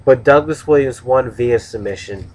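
Man, casual wrestling show review, rambling, lots of restarts, mid pitch. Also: normal speed, a little hiss or hum. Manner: rambling, many restarts and fillers.

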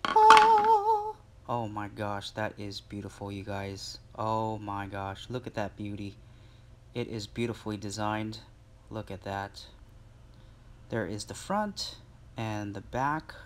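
Slightly slow and lowish, this man's voice comes with a bit of background noise as he unboxes an item at home for his casual vlog. He's chatty, full of fillers, and talks directly to viewers.

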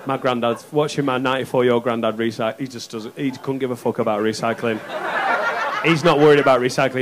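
A man doing an animated, sweary stand-up set, jumping into squeaky voices for bits. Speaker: stand-up comedian. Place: comedy club stage. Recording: live club mic with crowd noise. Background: audience laughter.

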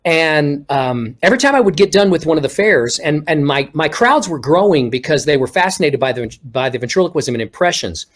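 Animated middle-aged man telling stories. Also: on the high side, fairly quick, few pauses. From Texas. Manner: animated, acts out quoted speech. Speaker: guest ventriloquist. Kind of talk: casual interview storytelling.

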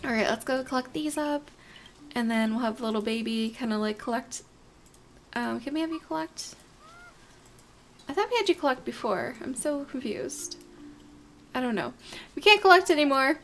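Young woman host, high voice with vocal fry, fussing over her game creatures as she plays. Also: lively intonation, moderate pace, long pauses, a little hiss or hum. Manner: chatty, talks to her game creatures, easily flustered. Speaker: gaming channel host. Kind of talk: casual let's-play commentary. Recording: soft music behind.

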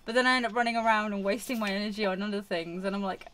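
Speaking very fast in a mid-range, steady, fairly bright voice, a woman who runs a gaming YouTube channel talks casually over a farming game. Her commentary rambles, she scolds herself, and fillers pop up constantly.

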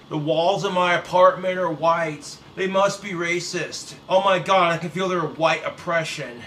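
A man's voice: a little high, unhurried, hardly any pauses, a bit bright. A man giving a blunt, profane, sarcastic reaction rant to his YouTube viewers. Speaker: YouTube commentator. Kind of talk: ranting reaction commentary. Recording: roomy echo, set back from the mic, faint hiss.

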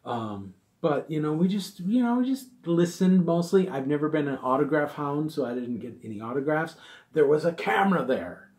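A man's voice: on the high side, expressive, moderate pace, darkish tone. A middle-aged man telling a casual story about an old gig, rambling and fond, with many asides. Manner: rambling, fond, full of asides and quoted voices.

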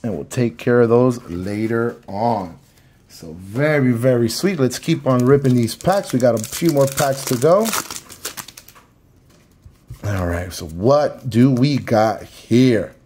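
A man from Miami opening trading card packs on camera, talking casually to his viewers and repeating his words when excited. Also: mid-range voice. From Miami, Florida. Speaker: card collector. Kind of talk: casual pack-opening commentary.

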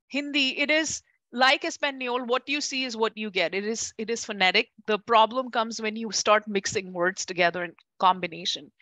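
A woman with a fairly high, ringing voice leads a class in a lively, chatty way. She keeps asking her students questions and calls them by name. The sound is close and dry. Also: no room sound. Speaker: Ayurveda teacher.

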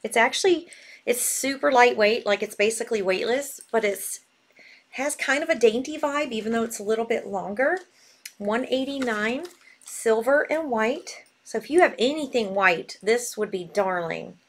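A woman's voice: on the high side, animated, normal speed. A woman hosting a live sale, bubbly and gushing as she talks. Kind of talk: live selling stream.

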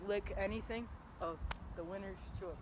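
A high-pitched young guy hosts a casual trampoline challenge vlog outdoors, upbeat and playful as he talks to his viewers. He sounds tired and a little winded, and loud outdoor noise sits under the whole handheld camera recording. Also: steady tone, normal speed. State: tired, out of breath. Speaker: vlogger.

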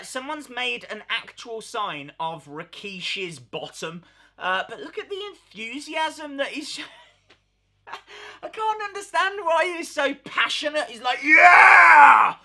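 A wrestling YouTuber with a high, very bright and sharp voice, talking casually straight to his viewers. He keeps chuckling as he comments and sounds amused throughout. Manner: amused, often laughing.

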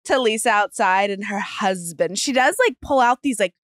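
A woman in her thirties co-hosting a podcast, animated and acting out quotes in casual chat. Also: mid-range voice, normal speed, no echo, studio quality.

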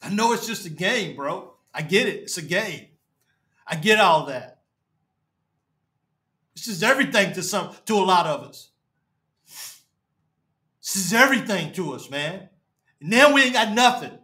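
A man hosting a fan podcast, ranting on a live stream in a distraught, halting way, repeating himself and trailing off low. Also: expressive, pushed and bright. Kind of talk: emotional live-stream rant. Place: his apartment.

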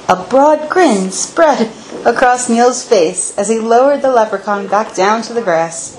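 A woman reading a children's storybook aloud in a playful, expressive way, as a paranormal investigator in an old house. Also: medium pitch, moderate pace, a little hiss or hum. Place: historic house interior. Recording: echoey room with faint ambience.

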